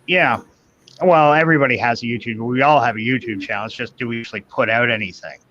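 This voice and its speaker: A man's voice: mid-range voice, fast talker, fairly bright tone, slight background noise. Casting note: Canadian man, fifties, easygoing rambling storyteller, slightly muffled lo-fi audio. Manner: rambling anecdotal storyteller, quotes others in voices. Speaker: guest. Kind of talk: casual chat, storytelling. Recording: dull lo-fi sound.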